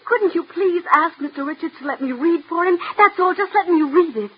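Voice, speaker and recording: A high-voiced young woman pleads and sobs for another chance. Her delivery is breathless and emotional, in the heightened manner of 1940s radio acting. The recording sounds dull and muffled. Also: a little fast, a little hiss or hum. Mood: begging. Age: young adult. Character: desperate young aspiring actress, pleading and tearful.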